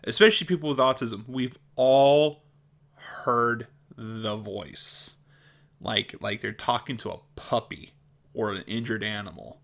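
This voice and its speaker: A man's voice: mid-range voice, measured pace, creaky, fairly bright tone. A young adult man with a mild speech impediment, vlogging in a blunt, exasperated way and laughing between points. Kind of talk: casual opinion vlog.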